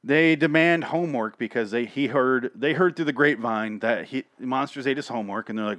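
A man's voice: mid-range voice, fairly quick, hardly any pauses, fairly bright tone, no room sound. Crude rambling man, dry sound. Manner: rambling, crude, increasingly exasperated ranting. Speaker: comedic recapper. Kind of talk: profane comedic cartoon recap.

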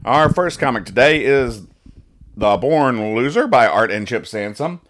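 A man's voice: medium pitch, animated, measured pace, a bit bright. A young adult man hosting a casual podcast where he reads comic strips aloud, rambling and stumbling over his words as he explains each joke. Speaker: podcast host.

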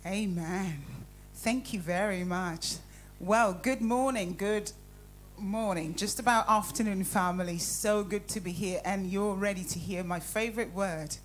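A woman's voice: mid-range voice, measured pace, a little hiss or hum. A woman preaching a sermon in church, chatty and enthusiastic, laughing often. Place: church hall.

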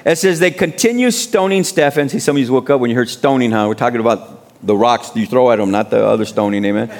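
A man's voice: medium pitch, fast talker, darkish tone. A man preaching as a guest speaker, exhorting the congregation with repeated calls of amen and plain, informal speech. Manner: exhorting, with call-and-response "amen"; informal street-style speech. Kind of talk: sermon.

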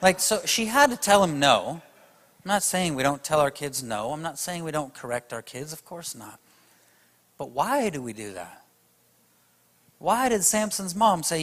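A man's voice: on the high side, sing-song, normal speed, fairly bright tone, long reverb tail. A man preaching a sermon, emphatic and speaking straight to his audience. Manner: emphatic, addresses the audience directly.

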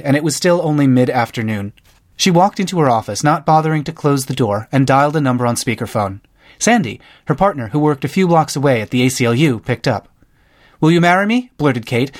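A man narrating a nonfiction book, lifting his voice for quoted speakers. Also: medium pitch. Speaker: audiobook narrator. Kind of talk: scripted narration.

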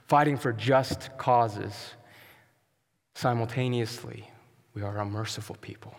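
A man preaching a sermon as pastor, earnest and emphatic, sometimes dropping to a soft, quiet tone. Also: medium pitch, in a large hall. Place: church sanctuary.

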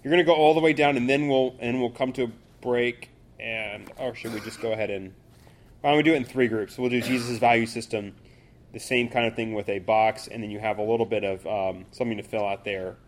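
A man's voice: medium pitch, fairly even intonation, fairly quick. A man teaching a Bible study class in a loose, conversational way, full of fillers and restarts.

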